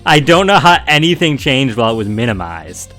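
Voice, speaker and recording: A man guesting on a game stream over a call, speaking dryly and deadpan with small restarts. His pitch is mid-range, and faint music sits underneath. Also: brisk. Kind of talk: casual let's-play chat.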